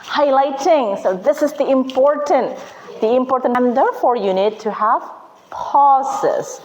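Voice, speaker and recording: A woman's voice: high voice, unhurried, a little hiss or hum, rough recording. A woman teaching an English class at a university, asking her students questions and prompting their answers in a classroom.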